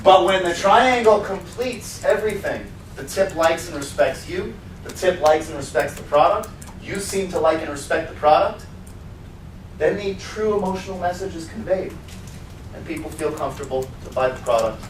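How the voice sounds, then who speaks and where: An animated man with a high voice teaches sales trainees, swooping between highs and lows as he acts out demo scenes. He is picked up from a distance in a roomy seminar hall with faint noise behind. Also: moderate pace. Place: seminar room.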